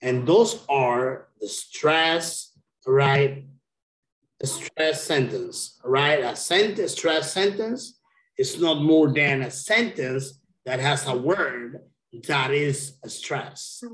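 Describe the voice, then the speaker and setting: A man's voice: medium pitch, slow pace, fairly bright tone. A man teaching an English lesson over a video call, speaking patiently and repeating key words. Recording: roomy echo.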